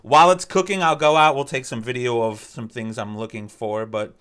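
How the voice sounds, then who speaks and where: A man's voice: mid-range voice, fairly even intonation, normal speed, fairly bright tone, clean tone. A man hosting a casual cooking demonstration, talking in an easygoing, instructive and encouraging way. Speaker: cooking show host.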